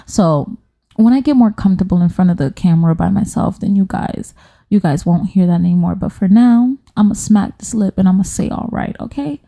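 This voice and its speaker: A woman's voice: medium pitch, a little fast, gravelly, dark tone. A woman hosting a podcast, reading stories aloud in casual chat, blunt and profane, wandering into tangents, close on a microphone. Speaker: podcast host. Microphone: studio microphone.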